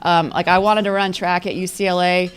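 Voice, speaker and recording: A woman's voice: fairly low pitch, fairly even intonation, fairly quick, clean tone. A woman in her fifties giving a conversational, self-deprecating storytelling speech as an athletic director, often laughing at herself. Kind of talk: storytelling club luncheon speech.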